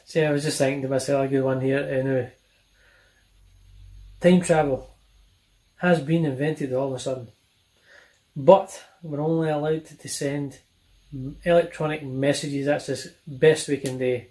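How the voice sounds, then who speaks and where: A man's voice: a little high, fairly even intonation, normal speed, pauses often, warm tone, poor audio. A man sending in a recorded question to a podcast, signing off in a friendly, chatty way.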